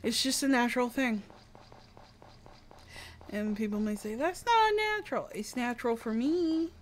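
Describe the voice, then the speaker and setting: Speaking a little slowly in a slightly high voice, a young woman from the US East Coast plays a game on stream. Her live chat is relaxed and playful, and she admits she's a bit dramatic.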